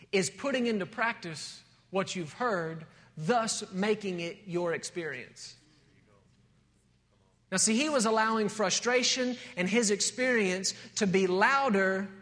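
A man with a high, light voice preaches a sermon. He moves from storytelling into emphatic, rising declarations. His voice rings with the long reverb of a large church hall. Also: fairly bright tone. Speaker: pastor.

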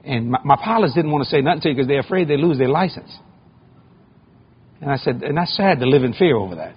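A man's voice: mid-range voice, expressive, fast talker, slightly rough, dull audio. A man preaching a sermon and telling stories from his own life, speaking boldly and often repeating words as he builds a point. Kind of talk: sermon with personal anecdotes.

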